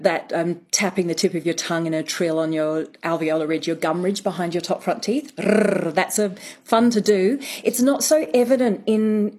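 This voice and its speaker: A woman with a slightly low voice lays out her points one by one, like a teacher. She speaks as a patient expert guest on a radio show. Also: darkish tone. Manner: clear, methodical, teacherly. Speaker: dialect coach.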